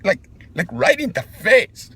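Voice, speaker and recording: Man doing a macho young street guy, defensive, slangy drawl, keeps saying fool, high voice, swinging pitch, comedy sketch. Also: very animated, normal speed, fairly bright tone, slightly rough, heavily acted.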